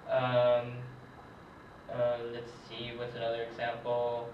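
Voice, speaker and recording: Slow, hesitant young man teaching. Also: mid-range voice, monotone, slight background noise. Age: young adult. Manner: hesitant, many ums, slow and unhurried. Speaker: hobbyist French teacher. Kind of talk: casual whiteboard lesson. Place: room, writing at a board. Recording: echoey, distant, dull lo-fi camera audio.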